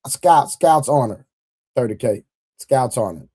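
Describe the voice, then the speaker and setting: A man's voice: medium pitch, moderate pace, mellow, no echo. A man hosting a casual livestream, talking loosely and repeating himself, laughing often and reading viewers' comments aloud to his chat. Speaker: livestream host.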